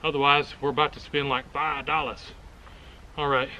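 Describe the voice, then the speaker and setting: A folksy man with a fairly high, bright, forceful voice hosts an outdoor shooting demo. He jokes and talks with easy enthusiasm, recorded on an action camera at a rural range with a faint hiss of open air behind him. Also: little pitch movement, moderate pace. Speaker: firearms video host. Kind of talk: casual shooting demonstration.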